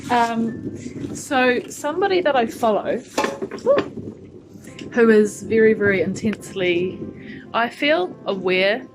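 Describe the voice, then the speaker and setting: A woman's voice: fairly high pitch, expressive, unhurried, pauses often, rough recording. A woman chatting casually to camera at home, thinking aloud and rambling with lots of ums. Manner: talks to her cat mid-story. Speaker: vlogger. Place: at home in her lounge. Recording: music playing behind.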